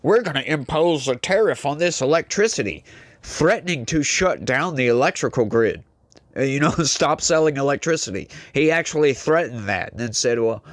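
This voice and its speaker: A man, in his thirties, hosts a solo political commentary show. He reads news out and breaks into exasperated, incredulous asides, repeating his points. His voice sits at a middling pitch in a dry, close setting. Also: dry recording.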